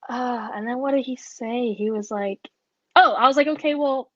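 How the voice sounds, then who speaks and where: Casting: young woman, higher voice, chatty rambling storyteller, dull dry lo-fi recording. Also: moderate pace, fairly bright tone, no echo. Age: young adult. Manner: rambling storytelling, heavy on filler words. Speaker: podcast co-host. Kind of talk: casual chat.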